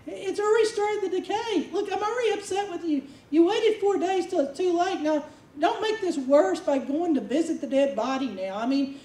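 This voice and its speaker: A woman's voice: high voice, warm tone. A woman preacher voicing an upset, grieving woman who protests insistently and repeats her complaints. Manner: exasperated, insistent repetition. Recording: roomy echo, distant mic.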